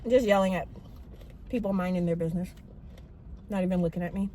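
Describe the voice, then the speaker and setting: A woman's voice: fairly low pitch, quick pace, dark tone, a little hiss or hum. A young woman rambling in a casual, self-mocking vlog while she eats, talking with her mouth full, in a parked car. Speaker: vlogger.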